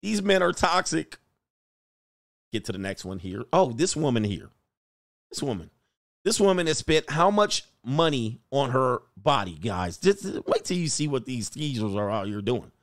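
A man's voice: mid-range voice, big pitch swings, normal speed, no echo, studio quality. Mocking male reaction-video commentator. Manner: mocking, chuckling, loose casual delivery. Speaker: YouTube commentator.

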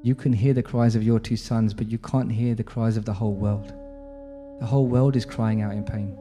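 A man speaking as a gentle spiritual teacher. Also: fairly low pitch, fairly even intonation, brisk, natural voice. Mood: tender. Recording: faint music under reverberant room.

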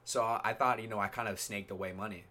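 A man's voice: on the low side, fairly even intonation, fast talker, sharp tone. A young man hosting a podcast, telling stories in a laid-back, slangy way and laughing often. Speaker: podcast host. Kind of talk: casual chat.

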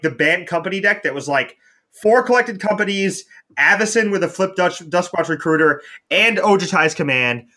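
A man's voice: high voice, sharp tone. A man talking casually as a competitive card game player on a podcast, with frequent "like" fillers. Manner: chatty, heavy use of "like".

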